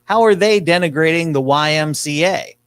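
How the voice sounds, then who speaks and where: A man's voice: a little high, normal speed, clean tone, no echo, clean studio sound. A man hosting a podcast, riffing sarcastically on news clips in casual chat. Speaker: podcast host.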